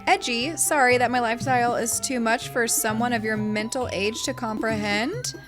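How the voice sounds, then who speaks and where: A woman doing a shy bookish schoolgirl from a visual novel, soft and hesitant then sure of herself, a bit high, faint game music behind. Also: moderate pace, close to an everyday voice. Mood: cutting. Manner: stammering then articulate. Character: shy bookish teenage girl, formal and hesitant.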